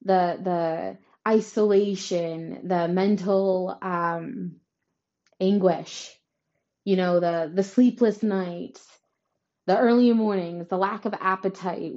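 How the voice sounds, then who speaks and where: Slow, mellow-voiced woman giving a horoscope reading. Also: mid-range voice, dull audio. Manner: repeats "right?" often, reassuring and emphatic. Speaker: astrology reader. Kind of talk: tarot-style horoscope reading to camera.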